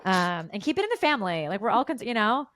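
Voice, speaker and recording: A woman's voice: medium pitch, sing-song, fast talker, fairly bright tone, no echo. A woman co-hosting a podcast, chatting in a matter-of-fact way about politics and the show. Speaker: podcast co-host. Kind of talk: casual political chat. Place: New York City.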